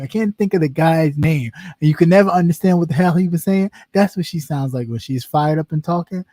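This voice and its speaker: An easygoing host of a casual talk show chats in a fairly high, mellow voice at a moderate pace, with no echo. He's laid-back, tends to trail off, and repeats phrases.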